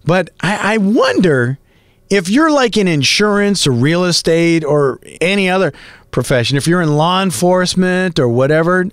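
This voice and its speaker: Chatty, animated middle-aged man. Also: high-pitched, clear, resonant tone, dry recording, clean studio sound. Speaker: podcast host and voice actor. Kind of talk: casual podcast monologue.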